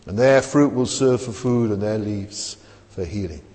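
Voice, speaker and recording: A man's voice: on the low side, unhurried, dark tone. A middle-aged man preaching a sermon in a chapel, talking in a conversational way and often asking "isn't it?". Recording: long hall reverb.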